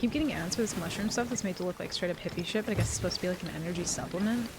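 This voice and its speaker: A young woman streamer in casual live-stream chat, rambling, swearing freely and getting animated as she talks. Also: on the low side, rapid-fire, noisy background.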